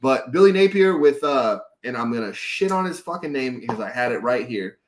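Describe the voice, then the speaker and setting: A man's voice: medium pitch, animated, a little fast. A man co-hosting a sports podcast, casually steering the talk with questions and asides. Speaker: podcast co-host.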